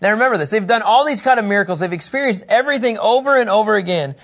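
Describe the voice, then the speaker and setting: In a room, a man teaches a Bible lesson in a high, racing voice. He's animated and joking, acting out little scenes and talking with the people present.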